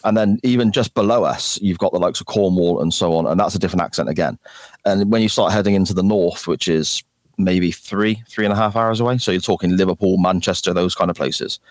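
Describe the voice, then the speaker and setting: A deep-voiced Englishman in his forties with a Gloucestershire accent, talking casually as a podcast guest. His "th" sounds come out as "f", and he trips into restarts and easy laughter. The sound is dry and close, with no room around it. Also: no room sound. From England. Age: 40s. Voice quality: pronounces "th" as "f". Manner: chatty, self-deprecating, quick to laugh, frequent restarts. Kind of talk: casual chat.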